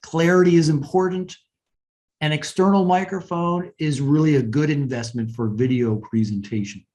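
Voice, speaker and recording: A man's voice: on the high side, normal speed, a little mellow. Man teaching presentation skills, conversational. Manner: conversational, frequent "right?" and "and so". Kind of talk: webinar lesson.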